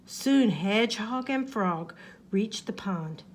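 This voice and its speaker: A woman reading a picture book aloud to young children, expressive and sing-song, then talking through the pictures. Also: medium pitch, takes it slowly. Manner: expressive, sing-song, shifting into character voices. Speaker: storybook reader.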